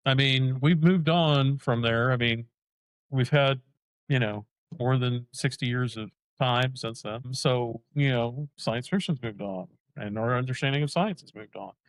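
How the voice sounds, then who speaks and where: A man co-hosting a casual podcast chat, rambling and animated, acting out little quoted voices as he talks. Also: mid-range voice, a little slow, no echo, poor audio. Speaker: podcast co-host.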